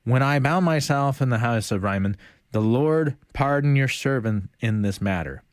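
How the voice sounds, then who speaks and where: Animated man teaching Bible study. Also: medium pitch, normal speed, no room sound, studio quality. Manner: animated, conversational, retells scripture in everyday speech.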